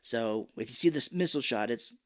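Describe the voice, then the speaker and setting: A man's voice: medium pitch, animated. Man recapping a movie with impressions. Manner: retells scenes with quick impressions of characters. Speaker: podcast co-host. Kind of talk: casual movie recap podcast.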